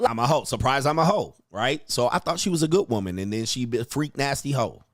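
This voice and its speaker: A man's voice: mid-range voice, animated, brisk, a bit bright, dry recording. Male commentary host, crude and blunt, dry close sound. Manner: blunt, crude, repeats himself, mimics reactions. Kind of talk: commentary on video clips.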